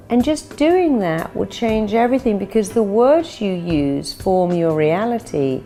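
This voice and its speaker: Woman giving a mellow motivational talk. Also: on the low side. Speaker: motivational speaker. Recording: soft music behind.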